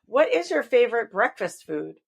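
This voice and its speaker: A woman's voice: fairly high pitch, very animated, normal speed, gravelly, husky. A woman co-hosting a podcast, playfully asking a guest questions in casual chat. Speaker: podcast co-host. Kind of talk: casual conversation.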